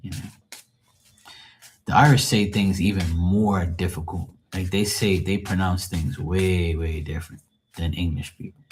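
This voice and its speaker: Blunt Bermudian man, low voice. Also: steady tone, measured pace, slight background noise. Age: 40s. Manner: blunt, profane, storytelling. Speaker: live-stream host. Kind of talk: casual live-stream chat.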